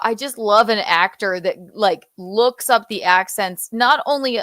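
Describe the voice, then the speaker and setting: A woman's voice: mid-range voice, bright, forceful tone, dry recording, clean studio sound. A woman hosting a podcast in casual chat, drawing out words and laughing often. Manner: drawn-out, laughing, gossipy. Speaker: podcast host.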